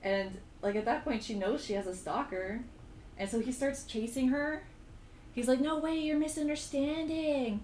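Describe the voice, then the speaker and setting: A young woman vlogger chatting casually while she draws, telling a story in an animated, exasperated way with sudden jumps in pitch. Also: normal speed, roomy sound, slight background noise, poor audio. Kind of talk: casual chat while drawing.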